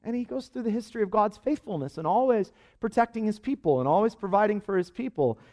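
Pastor guy giving a sermon, pretty high voice, keeps asking questions and repeating himself for punch. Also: expressive, quick pace, dark tone. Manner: earnest, rhetorical questions, repeats phrases for emphasis. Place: church service.

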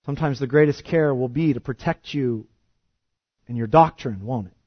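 A man preaching a sermon with passion, firing rhetorical questions and swinging from quiet to loud. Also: mid-range voice, moderate pace, dry recording, muffled recording. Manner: impassioned, rhetorical questions, wide swings of loudness. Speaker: pastor.

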